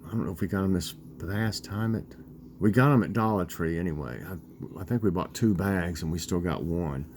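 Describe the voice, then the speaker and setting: A man in his sixties chatting casually in a vlog, rambling and halting with lots of fillers as he tells a childhood story and talks about dinner. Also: deep voice, darkish tone, a little hiss or hum. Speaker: vlogger.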